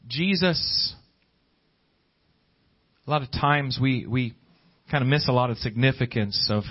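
A man's voice: medium pitch, unhurried, slightly rough, highs cut off. A man preaching a sermon, often restarting his words and building in fervor. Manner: repetitive restarts, rising fervor.

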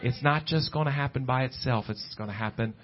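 A man preaching a sermon at a church service, talking conversationally and climbing in pitch when he stresses a point. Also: a little fast. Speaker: pastor. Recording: dull lo-fi church recording with faint guitar.

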